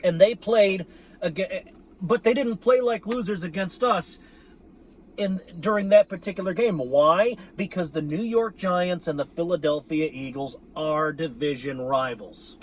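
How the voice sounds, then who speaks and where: A sports fan vlogger with a high-sitting voice rants at a measured pace about his team. His monologue is profane, exasperated and sarcastic, and he repeats himself for emphasis.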